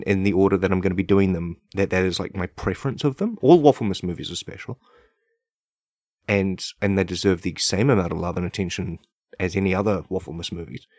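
A man hosting a comedy podcast, rambling through an absurd monologue with deadpan delivery. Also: lowish voice, no room sound, clean studio sound. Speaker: podcast host.

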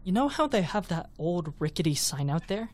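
An actor playing a jumpy, excitable teenage boy who talks casually. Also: sits high, moderate pace, a little hiss or hum. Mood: eerie telling. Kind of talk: audio drama acting.

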